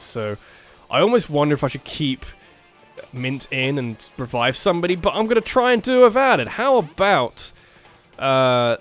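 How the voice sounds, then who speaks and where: A man giving casual commentary over his own gameplay, muttering through his plans and then breaking into loud, laughing bursts. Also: mid-range voice. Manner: excitable, jumps between muttered strategy and loud bursts, laughs often. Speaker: let's play gamer.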